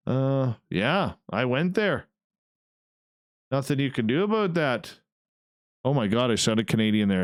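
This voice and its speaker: A man's voice: medium pitch, big pitch swings, measured pace, long pauses, dry recording, clean studio sound. A man hosting a radio show, rambling and joking with swearing in a casual after-show chat while he edits.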